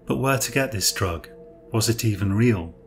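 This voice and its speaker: A man narrating a dark thriller story in a measured, even reading voice. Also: fairly low pitch, faint music behind.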